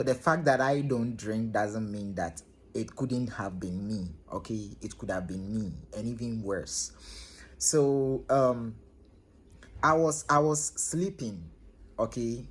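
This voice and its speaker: A man's voice: lowish voice, slight background noise. A man chatting to viewers as he tells a story, repeating himself and checking in with his listeners. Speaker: storytelling vlogger. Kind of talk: casual spoken storytelling to camera.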